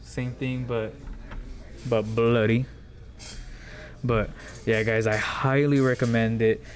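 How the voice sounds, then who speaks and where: Excited guy rambling through new comics at his shop, lots of ums and likes, normal pitch. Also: slow pace. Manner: rambling, enthusiastic, filler-heavy. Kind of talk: casual product rundown. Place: comic book store.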